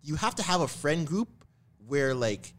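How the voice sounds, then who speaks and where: A man's voice: fairly high pitch, sing-song, measured pace. A man from Toronto co-hosting a podcast, talking casually with blunt, slangy advice. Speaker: podcast co-host. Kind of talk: casual chat.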